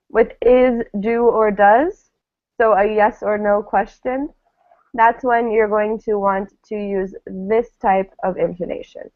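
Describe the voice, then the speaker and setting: A woman runs an online English class in a patient, unhurried manner, filling her pauses with soft ums. Her voice sits a little high. The sound is dry and thin, as if it came over a video call. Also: dry recording. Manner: patient, explaining slowly with frequent ums. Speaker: English teacher. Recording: tinny phone-like call audio, dry.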